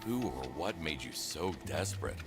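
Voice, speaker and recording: A foreboding, very deep game narrator. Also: male voice, lively intonation, normal speed, loud music behind the voice.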